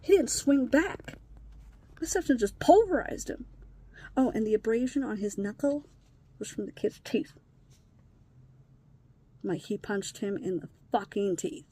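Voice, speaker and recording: A woman's voice: a little high, lively intonation, a little slow, pauses often, warm tone, husky. A woman talking bluntly in a candid personal vlog, upset and emotionally worn, swearing casually. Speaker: vlogger.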